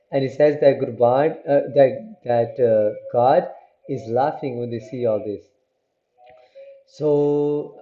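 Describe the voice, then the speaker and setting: A man telling a religious story in a casual, conversational way, checking in with listeners as he goes. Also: mid-range voice. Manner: conversational, many fillers and "right?" check-ins. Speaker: storyteller for a Sikh teaching channel. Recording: roomy, dull lo-fi sound.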